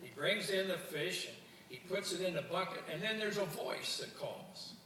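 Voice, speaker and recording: A man's voice: sits high, animated, moderate pace, pushed and bright. An older man from Ohio, a former coach, giving a folksy luncheon speech with jokes and stories, often repeating words as he restarts. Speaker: guest speaker, former coach. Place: university student union luncheon hall. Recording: roomy hall, distant mic, faint room noise.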